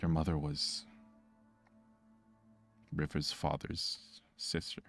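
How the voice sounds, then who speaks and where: A man voicing a stern middle-aged father in a tabletop game, speaking low and hushed. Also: little pitch movement, very fast, gravelly, faint music behind, exaggerated voice.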